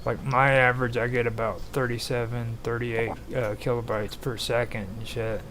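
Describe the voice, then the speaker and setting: A man's voice: medium pitch, flat delivery, moderate pace, fairly bright tone, a little hiss or hum, rough recording. A man hosting a live stream in casual tech chat, rambling loosely with lots of filler words. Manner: loose, rambling, heavy use of "frickin'" and "like".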